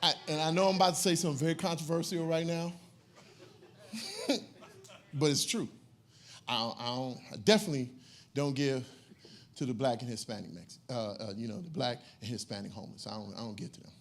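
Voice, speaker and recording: A man doing stand-up comedy, telling a story in an animated, conversational way on a comedy club stage. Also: medium pitch, brisk, pauses often. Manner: animated, conversational, acts out characters.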